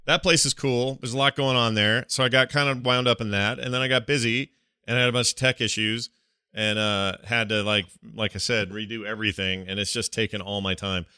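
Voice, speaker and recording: Bright-voiced man, casual podcast chat. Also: lowish voice, fairly even intonation, a little fast, smooth, no echo, clean studio sound. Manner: rambling, self-deprecating. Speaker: podcast co-host.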